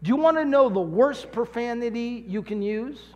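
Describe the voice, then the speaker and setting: A man preaching a sermon, telling stories with dramatic shouts and drawn-out emphasis. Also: very high-pitched, in a large hall, lo-fi sound. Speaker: pastor.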